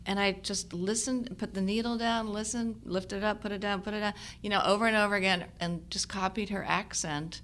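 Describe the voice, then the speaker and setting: A woman in her sixties, an actress telling stories from her career in a relaxed chat, laughing often. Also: medium pitch, fairly quick, hardly any pauses. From United States. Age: 60s. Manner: animated storyteller, laughs often. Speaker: actress guest. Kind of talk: casual conversation.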